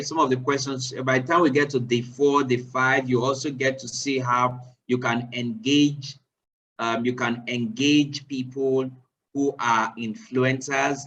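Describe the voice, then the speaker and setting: A man leading a live online sales training, quizzing his listeners with repeated questions and rising with excitement. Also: distant mic, muffled recording, slight background noise. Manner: animated, rising pitch when excited.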